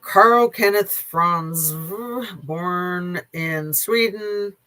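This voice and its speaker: A channel host giving casual opinion commentary, sarcastic and blunt, rambling with filler pauses and casual swearing. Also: medium pitch, pushed and bright, clean tone.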